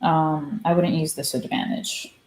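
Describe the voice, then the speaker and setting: A woman's voice: deep voice, fairly even intonation, a little slow, a little mellow. A woman hosting her own channel, reading a book aloud and breaking off into blunt, opinionated commentary. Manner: opinionated, blunt asides between read passages. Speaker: channel host.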